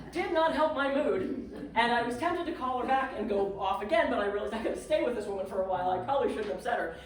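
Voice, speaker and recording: A woman tells a story to a live audience, animated and self-mocking, with dramatic swings in her telling. She sounds distant from the mic, in a very echoey room with faint noise behind her. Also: a little high. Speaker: guest speaker. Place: community clubhouse event room.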